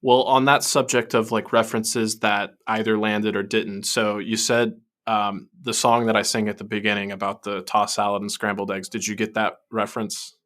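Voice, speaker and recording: A man co-hosting a podcast, chatting casually and animatedly about an animated episode, laughing often and quoting lines. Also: on the low side, normal speed, hardly any pauses. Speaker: podcast co-host.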